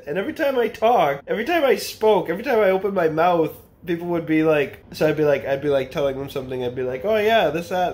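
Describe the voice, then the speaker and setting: A young man with a Canadian accent, chatting casually and telling funny stories for his vlog. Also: fairly high pitch. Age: young adult. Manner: joking, animated storyteller. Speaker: vlogger. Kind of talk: casual chat.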